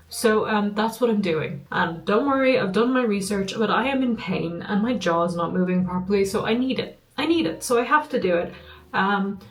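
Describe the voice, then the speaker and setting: A young woman vlogging in a casual, chatty way, laughing often and poking fun at herself. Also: a little high. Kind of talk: casual vlog chat. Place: at home.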